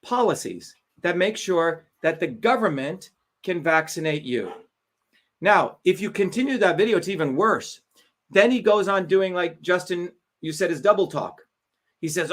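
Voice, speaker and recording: A man's voice: high voice, lively intonation, normal speed, a bit bright. A man hosting a livestream, delivering heated, combative political commentary with profanity and mockery. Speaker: livestream host.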